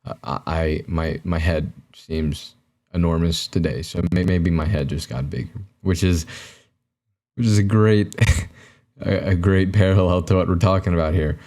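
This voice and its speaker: Young male podcast host, deep and mellow, self-deprecating ramble to camera. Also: steady tone, normal speed. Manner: self-mocking, rambling with many fillers and restarts. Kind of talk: solo comedic monologue to camera. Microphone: camera mic, recording himself.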